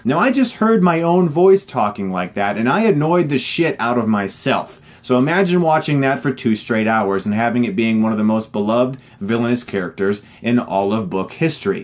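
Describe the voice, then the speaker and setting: A man's voice: fairly high pitch, expressive, moderate pace, hardly any pauses. A man delivering an online movie review in an emphatic, exasperated way. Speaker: film reviewer.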